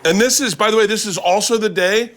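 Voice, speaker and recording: A man hosting a casual kitchen chat, telling a road story with lively quoted voices. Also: high voice. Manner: animated storyteller doing quick quoted voices. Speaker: host.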